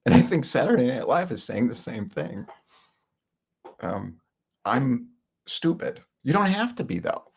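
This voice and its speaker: Gravelly, husky man rambling with chuckles. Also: medium pitch, sing-song, moderate pace, pauses often. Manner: rambling, chuckles often, many fillers. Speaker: self-help speaker. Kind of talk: casual rambling talk.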